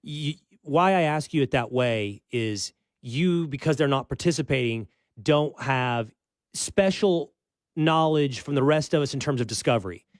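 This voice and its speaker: A man's voice: mid-range voice, animated, measured pace, dry recording. A man hosting a talk show, chatting in a casual, rambling, wry way. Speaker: show host.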